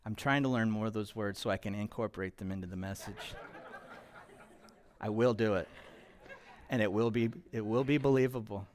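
A man preaching a sermon as pastor, joking and playful, swinging between hushed and loud, emphatic delivery. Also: lowish voice, moderate pace, pauses often.

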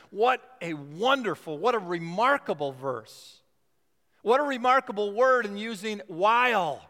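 A man's voice: high-pitched, animated, bright, forceful tone. A male pastor preaching a sermon in a church, stressing key words by drawing them out. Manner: emphatic, drawn-out phrasing on key words. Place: church sanctuary. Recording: long church reverb.

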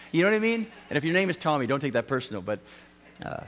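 A male pastor giving a sermon in a casual, animated way, with frequent restarts and fillers. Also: a little high, fast talker, soft background music. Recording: hall reverb, mains hum.

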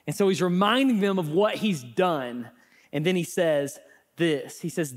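A man preaching a sermon as pastor, with animated emphasis that rises and drops. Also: on the high side, measured pace. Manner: animated, rising and falling emphasis.

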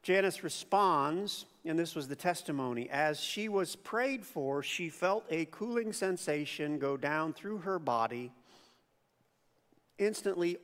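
A male pastor delivers a sermon in a casual, animated way, acting out the voices of the people in his stories. His voice sits high. The sound carries a long reverb from the church hall. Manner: conversational, animated storytelling with acted-out quotes. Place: church auditorium.

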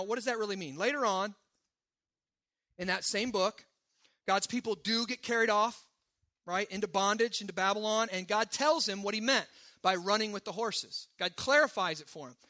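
A man's voice: extremely high pitch, sharp tone. A man preaching a sermon in a conversational, emphatic way, often checking in with the congregation. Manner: emphatic, conversational preaching with frequent "right?" asides. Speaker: pastor.

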